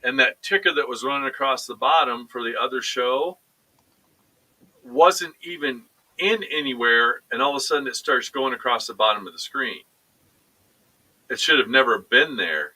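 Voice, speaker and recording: A man hosting a live talk show, chatting in a rambling, excitable way. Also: mid-range voice, moderate pace, rough recording. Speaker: host. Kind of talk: casual live-show chat.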